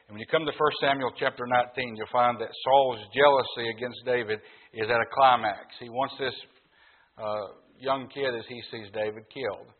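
A man's voice: mid-range voice, husky. A man preaching a sermon in a folksy, conversational way, asking his congregation questions. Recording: tinny, phone-like sound.

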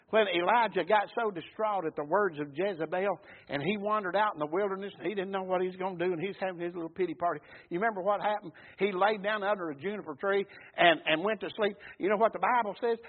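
A man preaching a sermon, rousing and rising to shouts with call-and-response amens. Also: high-pitched, fairly quick. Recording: tinny phone-like radio broadcast.

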